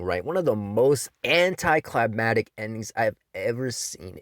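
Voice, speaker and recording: Profane, lively male manga ranter. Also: mid-range voice, measured pace, no room sound, studio quality. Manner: profane, exasperated, mocking. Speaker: manga reviewer, channel host. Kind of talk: opinionated rant review.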